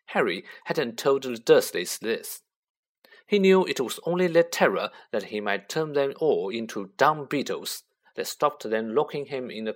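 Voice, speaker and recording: Male storybook narrator, lively and expressive, mid-pitched voice. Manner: expressive, animated reading. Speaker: audiobook reader.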